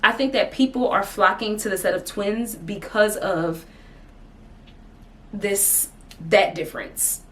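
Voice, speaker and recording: A woman's voice: mid-range voice, slow, pauses often, fairly bright tone, distant mic. A woman vlogging casually from her sitting area at home, chatty and laughing often between thoughts. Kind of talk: casual chat to camera.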